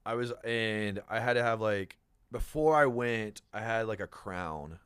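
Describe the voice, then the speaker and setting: Low-voiced man telling a profane story. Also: a little slow, fairly bright tone, clear, resonant tone, no room sound, studio quality. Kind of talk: casual chat.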